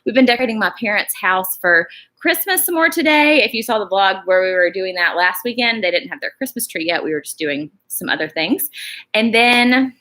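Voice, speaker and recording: A woman's voice: medium pitch, expressive, a little fast, bright, forceful tone. A woman, chatting casually and rambling on a live stream, reading viewer comments aloud and calling them y'all.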